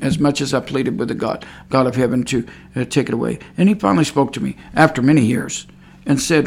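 Gravelly guy preaching, rambly and repeats himself, kinda high voice. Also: fairly quick. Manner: rambling, repeats words, grows fervent and cries out praise. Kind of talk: informal sermon.

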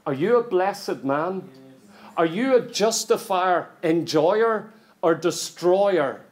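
Preacher, male, high-pitched, emphatic sermon delivery with rhetorical questions. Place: church.

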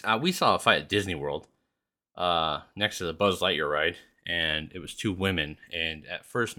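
A man's voice: deep voice, sharp tone. A man, hosting a solo podcast and telling rambling, profane stories in a casual chat. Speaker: podcast host.

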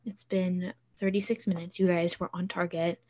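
A woman co-hosting a podcast in casual chat, gushing and excitable, with rambling stories. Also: on the low side, normal speed. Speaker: podcast co-host.

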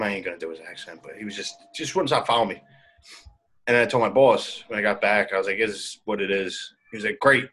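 A man's voice: on the low side, fairly bright tone, breathy edge, rough recording. A man, chatting casually as a podcast co-host, telling stories in a laid-back, swearing way. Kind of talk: casual chat.

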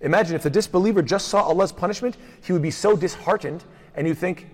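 A man teaching a lesson on hadith, rapidly reciting Arabic passages, then explaining them and posing rhetorical questions to his listeners. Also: fairly high pitch. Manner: poses rhetorical questions to the class. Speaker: Islamic studies teacher. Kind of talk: lecture on hadith. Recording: long hall reverb.

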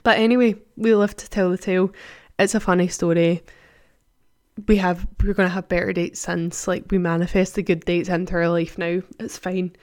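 A woman's voice: on the low side, flat delivery, normal speed, a little mellow, no echo, clean studio sound. A young woman, hosting a podcast and telling a story in a casual, chatty way full of "like". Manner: chatty, full of "like" and "do you know what I mean". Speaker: podcast host.

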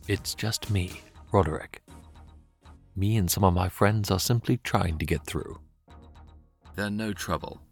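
A man voicing a cautious male guide who speaks low and hushed. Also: fairly even intonation, a little slow, faint music behind, exaggerated voice. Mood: reassuring. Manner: hushed, low, careful speech.

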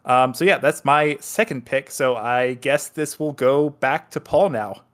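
Male podcast co-host, mid pitch, rambling and apologetic. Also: a little slow, fairly bright tone. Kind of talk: casual chat.

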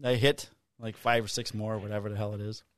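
A man in his fifties, co-hosting a podcast, speaks fairly quickly in a fairly low voice. His long, casual story is profane and lively, with dialogue acted out, recorded dry at studio quality.

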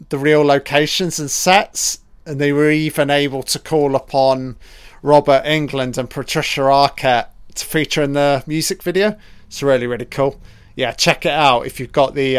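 A man's voice: mid-range voice, clear, resonant tone. A man giving a crude, profane running audio commentary over a film, mocking the characters as scenes play.

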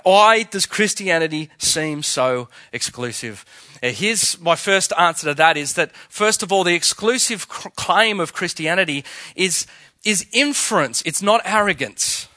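A man's voice: sits high, lively intonation, normal speed, pushed and bright, no room sound. A man preaching a sermon, emphatic and full of rhetorical questions. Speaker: pastor.

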